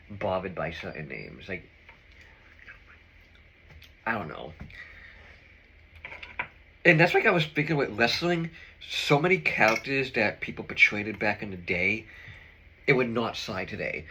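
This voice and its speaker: A man vlogging to his viewers in a low, bright, forceful voice. He rambles and shares opinions loosely, piling up fillers as he eats. A faint background noise sits under his voice. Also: poor audio. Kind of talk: casual chat to viewers.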